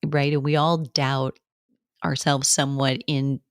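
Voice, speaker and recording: A woman with a notably low voice talks casually about coaching, with a conversational flow, restarts and short laughs. The sound is dry and close, with no room echo. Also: level tone, unhurried, smooth. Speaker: fitness business coach and podcast host. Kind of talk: casual advice monologue.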